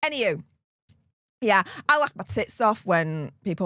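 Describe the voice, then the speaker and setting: A woman's voice: mid-range voice, very animated, moderate pace, a bit bright, no room sound, studio quality. A woman with a Yorkshire accent chatting casually to her viewers, blunt and laughing often. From Yorkshire, England. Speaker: YouTube commentary host. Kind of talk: casual chat to camera.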